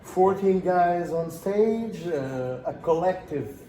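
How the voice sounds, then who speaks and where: A man with a Portuguese accent interviewing a musician in English, speaking slowly and searching for words with many pauses. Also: a little high, mellow. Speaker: journalist interviewer. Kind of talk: interview questions. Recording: echoey room.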